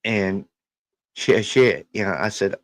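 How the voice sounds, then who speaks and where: A man in his thirties co-hosting a casual livestream chat, reading viewer comments and telling family stories with many restarts. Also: lowish voice. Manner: halting storyteller with many restarts.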